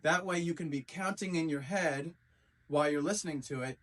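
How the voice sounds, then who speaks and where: A man's voice: fairly high pitch, a little fast, fairly bright tone. A man teaching a dance routine step by step, counting out beats and calling sounds as he demonstrates. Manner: counts and sings out beats while demonstrating moves. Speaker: dance instructor. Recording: voice from a distance from the mic.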